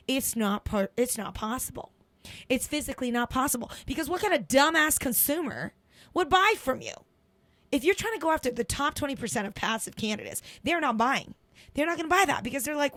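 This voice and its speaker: A woman delivers a motivational podcast monologue, blunt and profane, with sudden bursts of emphasis as she acts out phone calls. Her voice sits high, and the sound is dry and close with no room around it. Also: expressive, moderate pace, fairly bright tone, dry recording. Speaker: podcast host.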